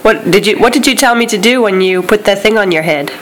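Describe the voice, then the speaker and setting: A woman filming her young daughter at home, asking her playful, gentle questions in a casual chat. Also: medium pitch, fast talker, poor audio.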